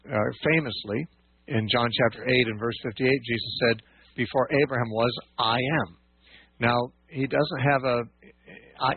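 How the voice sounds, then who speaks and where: Husky male radio Bible teacher. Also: mid-range voice, no room sound. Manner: patient, explanatory, many fillers and restarts. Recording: dry phone-like radio audio.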